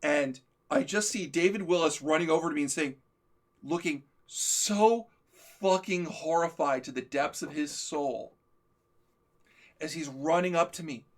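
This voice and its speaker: A man co-hosting a stream, telling stories in a casual chat, animated, often laughing and acting out what people said. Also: on the high side, measured pace. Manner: animated storyteller, laughs often, acts out quotes. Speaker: stream co-host.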